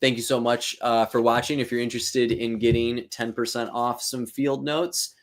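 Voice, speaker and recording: A man's voice: medium pitch, little pitch movement, normal speed. A man hosting a live-streamed reading and commentary, talking casually and thinking aloud with fillers. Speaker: teacher and host.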